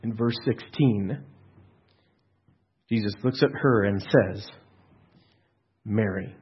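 A man's voice: lowish voice, takes it slowly, husky, highs cut off. A man preaching a sermon in an earnest, emphatic way, with rhetorical questions and frequent restarts. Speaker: pastor.

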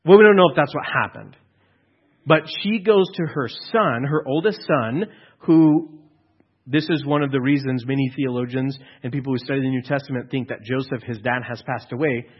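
A man preaching a conversational sermon to a congregation. He acts out the people in the story, sometimes dropping to a hushed aside. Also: medium pitch, normal speed, slightly rough, muffled recording. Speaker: pastor.

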